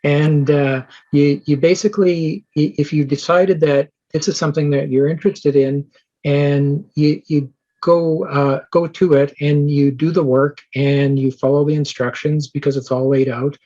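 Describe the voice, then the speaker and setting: A man answering interview questions in a casual, halting way, full of fillers and restarts. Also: on the high side, fairly even intonation, dark tone, dull audio. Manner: hesitant, many fillers and restarts. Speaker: interviewed program member.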